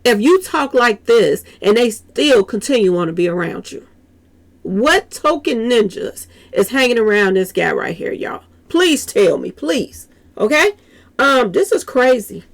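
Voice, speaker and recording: A woman reacts to a clip for her viewers, her voice pitched a little high and swinging widely. A gravelly edge runs through her talk, and she turns to the audience with "y'all" again and again. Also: a little slow. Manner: animated, repeats "y'all" often, talks straight to viewers. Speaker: commentary channel host. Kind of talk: reaction commentary.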